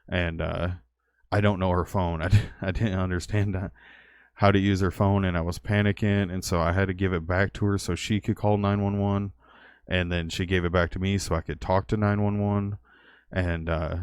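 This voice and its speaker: Deep-voiced young man telling a personal story. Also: clear, resonant tone, no echo, studio quality. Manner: halting, heartfelt, with nervous laughs. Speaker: vlogger.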